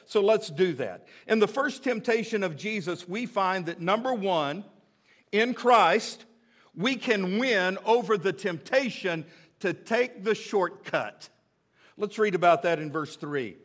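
Slow, high-voiced preaching man. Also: a bit bright. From United States. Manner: rhetorical, asks the congregation questions, builds with emphatic repetition. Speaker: pastor. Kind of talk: sermon.

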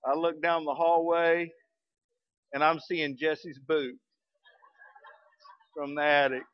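A man, a pastor telling a story in a sermon, folksy and animated. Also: a little high, takes it slowly, no echo, lo-fi sound. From Arkansas, US. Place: church sanctuary.

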